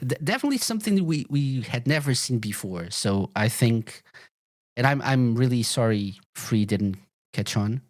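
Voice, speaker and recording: A man's voice: medium pitch, animated, normal speed, no echo. A man speaking as a podcast guest in casual chat, hesitant, with fillers and repeated words.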